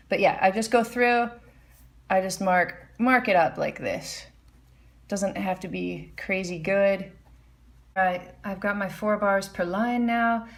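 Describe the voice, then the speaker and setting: A woman teaching a casual music lesson at the piano, explaining notation and singing melody lines on "da". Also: medium pitch. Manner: hums and scats melody lines while explaining.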